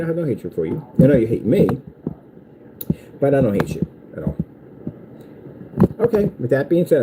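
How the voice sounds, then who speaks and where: A man's voice: medium pitch, noisy background. A man running a small business, talking casually in a rambling vlog from his workshop and taunting his critics. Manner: taunting, mocking haters in a sing-song voice.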